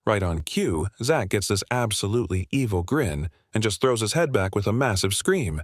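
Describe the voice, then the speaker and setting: A man's voice: on the low side, expressive, normal speed, hardly any pauses, no room sound, clean studio sound. A man narrating a comic recap in a casual, slangy, breezy way.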